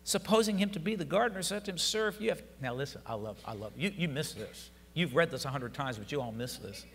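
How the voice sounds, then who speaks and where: A male pastor preaching an Easter sermon, building from quiet, close talk to loud shouted passages, with a congregation answering. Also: medium pitch, animated, fast talker, creaky, big-room sound, slight background noise. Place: church sanctuary.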